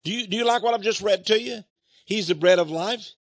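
This Bible teacher has a high voice and speaks fairly quickly in a dry, studio-quality recording. He delivers sermon-style readings and commentary on Bible verses, punctuated by emphatic rhetorical questions.

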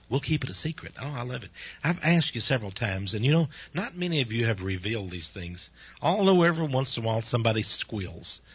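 Older guy preaching on the radio, folksy and chuckly, bright husky voice, dull lo-fi sound. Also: medium pitch, dry recording. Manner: chatty, laughing, animated storytelling. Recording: dull, lo-fi dry radio recording.

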